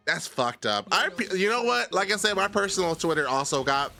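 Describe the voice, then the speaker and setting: A man's voice: high voice, animated, fairly quick, gravelly, pushed and bright, soft background music. A man streaming live, chatting casually and arguing a point with his chat, addressing viewers by name.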